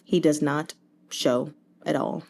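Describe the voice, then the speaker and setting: A young woman chatting casually about a novel she is reading along, animated and sarcastic, with jokey voices for the characters. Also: low-pitched, slow pace, gravelly, slight background noise. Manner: animated, sarcastic asides and silly put-on voices. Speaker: book reviewer reading along.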